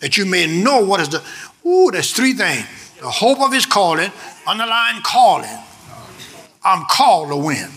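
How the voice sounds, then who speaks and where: A male pastor preaching a sermon, emphatic and repetitive, swinging from shouted lines to low, quick asides. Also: big pitch swings.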